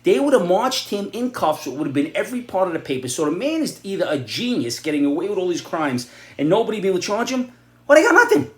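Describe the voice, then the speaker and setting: A middle-aged man rants in a blunt, sarcastic monologue, his pitch swinging widely from low grumbles to sharp, loud jabs. He speaks in an echoey room. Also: sing-song, fast talker. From New York area. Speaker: vlogger giving opinions and advice. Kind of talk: ranting opinion monologue.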